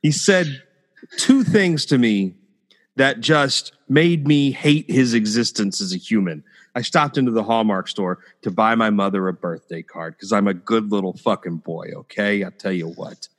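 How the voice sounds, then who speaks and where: A man's voice: on the low side, normal speed. Irate podcast man telling a profane story. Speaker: podcast host.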